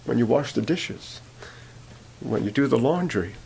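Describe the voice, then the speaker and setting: A man's voice: medium pitch, lively intonation, unhurried, vocal fry, a little mellow, a little hiss or hum. A man preaching a sermon, telling a story with many fillers and restarts, then rising to emphatic points.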